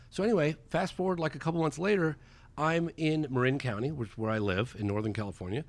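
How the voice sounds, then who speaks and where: Fast-talking man telling a story. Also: medium pitch. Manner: lively, acts out quoted dialogue, fast and excitable. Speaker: documentary filmmaker, podcast guest. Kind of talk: animated storytelling in a podcast interview. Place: podcast studio.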